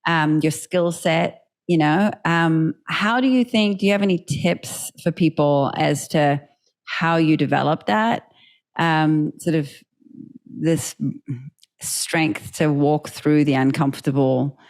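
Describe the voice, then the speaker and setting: Woman podcast host with a low voice; asks thoughtful, searching questions. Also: slow. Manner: thoughtful, hesitant phrasing with fillers. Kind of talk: interview questions.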